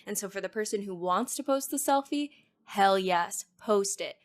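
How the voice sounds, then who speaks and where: A young woman hosting a podcast in casual conversation, enthusiastic and affirming, her voice going a little hoarse. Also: medium pitch, expressive, normal speed. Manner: enthusiastic, affirming, frequent agreement. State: losing her voice. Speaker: podcast host.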